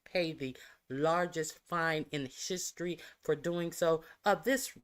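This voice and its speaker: A news channel host on a casual livestream, talking haltingly with frequent "uh" fillers and restarts. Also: mid-range voice, smooth.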